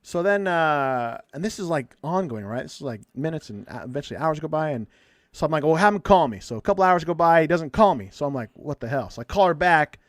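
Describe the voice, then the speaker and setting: A man's voice: a little high, fast talker, no room sound, studio quality. A man who works as a counselor, telling a story in casual podcast chat, acting out what people said and cursing lightly. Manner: animated, acts out quotes, swears lightly. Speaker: addictions and mental health counselor.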